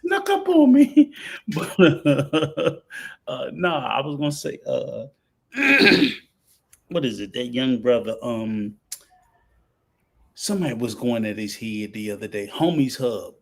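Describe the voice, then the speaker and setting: A man in his fifties chatting casually on a podcast, halting with many fillers and restarts, then ranting with heat. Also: mid-range voice, vocal fry, fairly bright tone. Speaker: podcast host.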